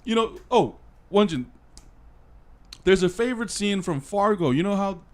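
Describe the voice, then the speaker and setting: A man co-hosting a casual review chat, excitable and rambling, teasing his co-host and swearing. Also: high-pitched, normal speed. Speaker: podcast co-host and film reviewer.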